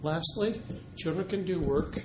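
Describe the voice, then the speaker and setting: A man with a fairly high voice walks through a classroom teaching technique, pausing often with ums and uhs as he explains. The recording carries a clear layer of background noise. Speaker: teacher educator. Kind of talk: instructional demonstration. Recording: noisy recording.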